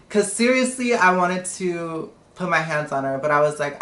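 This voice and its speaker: A woman's voice: fairly low pitch, lively intonation, moderate pace, few pauses, a bit bright, echoey room. A woman telling a story on a live stream in a blunt, profane, casual way. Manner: blunt and profane, retelling a confrontation.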